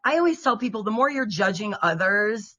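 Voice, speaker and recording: Female co-host, bright voice, earnest, casual talk. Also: medium pitch, animated, fairly quick. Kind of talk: casual chat.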